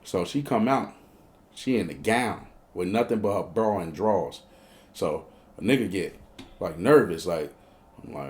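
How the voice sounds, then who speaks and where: A Chicago-accented man spins a casual, profane story from his own life in a slightly low voice. He plays both parts of every exchange in heavy slang and jumps into high-pitched yelps whenever the story turns scary. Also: lively intonation, measured pace, pauses often, a little mellow. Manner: slangy and profane, acting out both sides of the dialogue; breaks into high, squeaky outbursts when telling panicked moments. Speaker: storyteller host.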